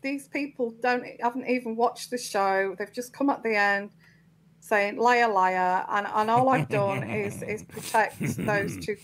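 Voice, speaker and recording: A woman's voice: mid-range voice, unhurried, poor audio. A woman hosting her own live tarot show, talking to viewers with many ums and restarts. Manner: hesitant, full of ums and restarts, indignant at trolls. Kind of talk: live-stream chat to viewers.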